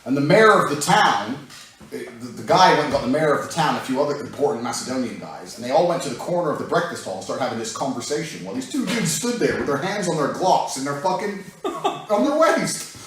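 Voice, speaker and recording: A man telling a profane, animated story. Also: fairly high pitch, fast, a little hiss or hum. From England. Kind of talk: casual anecdote. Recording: very echoey room, mic far off.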